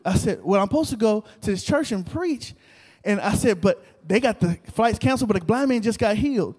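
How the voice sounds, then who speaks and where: A male preacher telling a story in an animated sermon, repeating phrases and calling out to the congregation. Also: sits high, brisk, husky. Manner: animated, repetitive, talks to the crowd. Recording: long reverb of a large hall.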